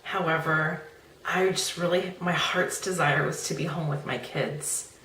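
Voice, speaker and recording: A woman host sharing a personal faith testimony in an earnest, heartfelt way, pausing and restarting as she tells it. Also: low-pitched, fairly even intonation, pushed and bright, a little hiss or hum. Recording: echoey, a little distant, music behind.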